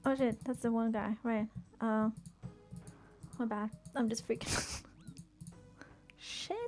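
Gravelly-voiced woman gaming on stream, kinda sick, swearing and laughing a lot, faint music behind. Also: on the high side, slow. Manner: excitable, swears often, laughs, trails off. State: sick with a headache. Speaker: game streamer. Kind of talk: live gameplay commentary.

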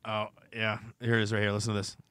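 A man's voice: on the low side, monotone, fast, fairly bright tone, clear, resonant tone, no echo. A man hosting a casual comedy podcast, joking and laughing through banter. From United States. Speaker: podcast host.

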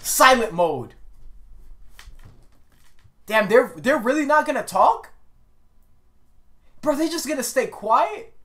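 A woman hosting a casual anime reaction video, excitable and slangy, talking back at the screen with frequent exclamations and laughter. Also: sits high, measured pace, pauses often. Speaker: reaction channel host.

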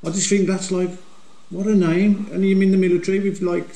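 A man's voice: high voice, little pitch movement, brisk, dark tone, roomy sound, low-quality recording. An older man with a West Midlands accent, a member of a motorbike vlog group, answering questions in rambling, jokey banter. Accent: West Midlands English. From West Midlands, England. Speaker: interviewee, motovlog group member. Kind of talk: casual chat.

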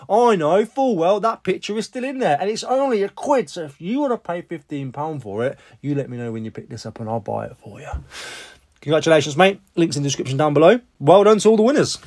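A man with a British accent chatting casually in a vlog about reselling, jokey and lively. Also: on the high side, brisk. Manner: chatty, jokey, lively bursts of sing-song. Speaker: reseller vlogger.

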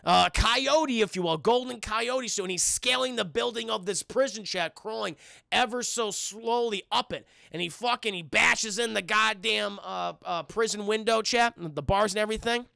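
A young man streaming a cartoon review, talking casually and excitably to his chat, with lots of swearing. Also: high voice, moderate pace, gravelly, smooth, no room sound, clean studio sound. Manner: profane, excitable, talks to chat.

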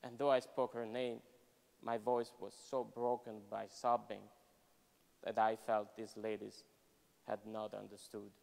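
A man, a professor, giving a solemn, measured, expressive dramatic reading in a university hall. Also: lowish voice, gravelly. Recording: long hall reverb at a live event.

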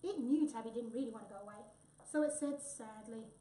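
A woman reading a children's storybook aloud in an expressive, lively way. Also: a little high, fairly quick. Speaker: reader. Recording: echoey room, voice from far off.

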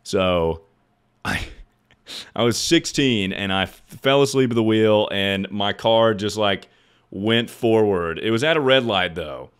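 Brief: man, 20s, deep smooth voice, loose profane storyteller chatting to a live stream. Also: takes it slowly. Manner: rambling, profane storyteller who laughs at his own stories.

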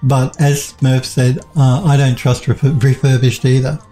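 A man's voice: medium pitch, flat delivery, normal speed, mellow, faint music behind. A man developing a game on a live stream, reading viewers' chat aloud and replying casually with lots of fillers and restarts, while he is losing his voice. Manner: reads out chat messages and answers them, with many fillers and restarts.

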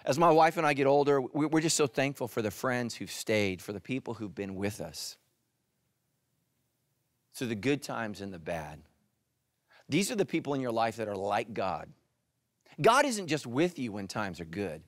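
A male pastor preaching with a lively voice that swings high and low. He talks straight to the people in front of him, and the sound is dry and close. His pitch sits in a middle range for a man. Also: moderate pace, pauses often, no room sound. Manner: animated, addresses listeners directly. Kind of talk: sermon.

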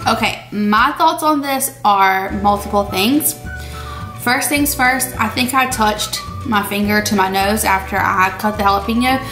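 A woman's voice: mid-range voice, measured pace, fairly bright tone, soft background music. A young woman, chatting casually to viewers while she cooks in her home kitchen. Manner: chatty, addresses viewers as y'all. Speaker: cooking vlogger. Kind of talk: casual cooking vlog.

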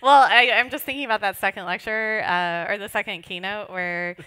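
A woman's voice: mid-range voice, fairly even intonation, fairly quick, bright, forceful tone, clean tone. A woman co-hosting a podcast, chatty and upbeat, with lots of "like" fillers. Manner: chatty and upbeat, laughs often, many "like" fillers. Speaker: podcast co-host. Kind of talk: casual podcast chat. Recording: long reverb.

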